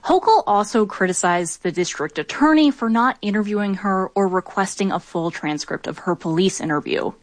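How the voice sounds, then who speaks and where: A woman filing a radio news report, speaking in a measured and clear way. Her voice sits at a middling pitch, and the studio sound is dry, with no room in it. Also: lively intonation, dry recording.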